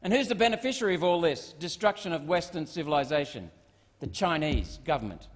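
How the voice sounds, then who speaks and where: A man's voice: fairly high pitch, expressive, fairly quick. A middle-aged Australian man giving a combative parliamentary speech, firing off repeated rhetorical questions. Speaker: senator. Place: parliament chamber. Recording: long reverb of a large chamber.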